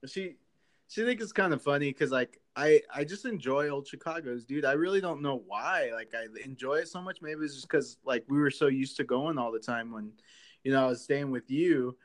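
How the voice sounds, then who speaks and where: A man's voice: mid-range voice, moderate pace. Easygoing slangy young man. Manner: easygoing, slangy, lots of likes. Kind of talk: casual chat.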